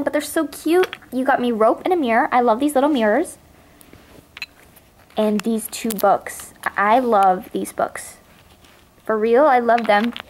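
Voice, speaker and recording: A young woman vlogging an unboxing of toys she got in trades, gushing and excitable, often gasping with delight. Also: on the high side, slight background noise. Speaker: toy collector vlogger. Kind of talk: unboxing vlog.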